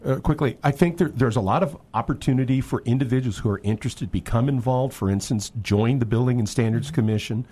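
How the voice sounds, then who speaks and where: A man's voice: medium pitch, quick pace, hardly any pauses, mellow, slightly rough. A man guest on a radio show, explaining in a methodical, point-by-point way. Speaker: guest from city building standards. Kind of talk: radio interview answer.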